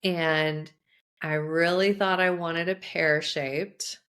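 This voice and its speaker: A young woman hosts a podcast and tells a personal story in a chatty, animated way. Her voice sits on the lower side, and she speaks at a slow, unhurried pace. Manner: chatty, animated retelling with many "like" fillers. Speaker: podcast host and coach.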